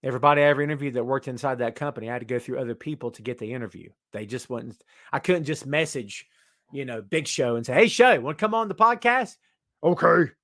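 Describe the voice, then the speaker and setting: A man hosting a casual live wrestling podcast, reading the chat and teasing viewers by name in an animated way. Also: mid-range voice, quick pace, dry recording, studio quality.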